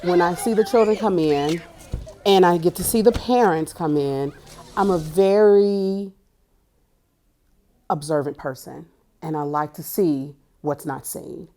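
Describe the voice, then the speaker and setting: Low-voiced woman from Tennessee, carefully enunciated. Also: measured pace, warm tone. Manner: careful, clearly enunciated speech. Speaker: school family and community liaison. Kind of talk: interview answers.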